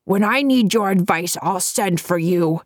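A woman's voice: medium pitch, unhurried, no echo, clean studio sound, close to an everyday voice. A woman voicing a stern, frail old man with a long beard who speaks testily and thunders when angered. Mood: testy.

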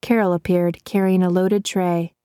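A woman narrating a story aloud in a measured, clear style. Her voice sits on the low side and is recorded close and dry, with no room sound. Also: little pitch movement, dark tone, no room sound. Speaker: audiobook narrator. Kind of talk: scripted narration.

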